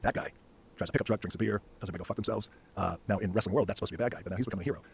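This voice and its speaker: A man with a somewhat low voice tearing through a story at a blistering clip as a podcast guest. He talks emphatically, swears often and trips over restarts in his rush. A steady hiss of noise sits under the studio mic. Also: gravelly. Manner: fast, emphatic, profane storytelling with frequent restarts. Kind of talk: animated storytelling in a podcast interview.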